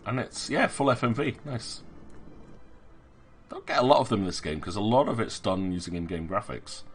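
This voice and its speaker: A man giving casual, rambling gameplay commentary on a stream, chatty and opinionated. His voice sits low but moves around a lot, with a bright, forward tone and faint background hum. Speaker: gaming streamer.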